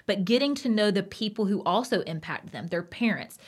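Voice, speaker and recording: A woman, co-hosting a casual podcast chat and talking in an emphatic, passionate, animated way. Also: medium pitch, brisk, husky. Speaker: podcast co-host.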